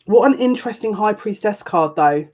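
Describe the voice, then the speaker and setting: Woman tarot reader on a live stream, mid-pitched, gushing and easily moved, slightly muffled lo-fi audio. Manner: excitable, quick restarts. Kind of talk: live-streamed tarot reading, chatting with viewers.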